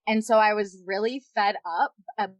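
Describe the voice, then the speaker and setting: A woman's voice: medium pitch, normal speed, dry recording. A young woman guest on a podcast, candidly retelling a personal story with lots of quoted dialogue.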